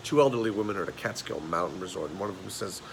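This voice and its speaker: A man's voice: sits low, racing, vocal fry, slight background noise, voice pushed down, low-quality recording. A man playing a stammering, neurotic forty-year-old. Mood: rueful. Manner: stammering, rambling, repeats words. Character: neurotic, self-mocking man turned forty. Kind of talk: film monologue performance.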